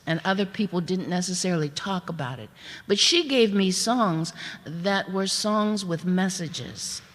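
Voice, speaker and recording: A woman tells a story on stage in a slow, unhurried way. She leaves room between her phrases and turns to the audience with spoken asides. Her voice carries the long echo of a large hall. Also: lowish voice. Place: performance hall. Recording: reverberant hall.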